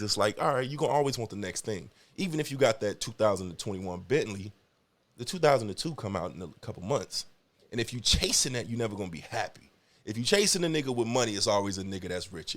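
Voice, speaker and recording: A young man hosting a podcast, ranting bluntly and profanely in casual talk. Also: fairly low pitch. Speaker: podcast host.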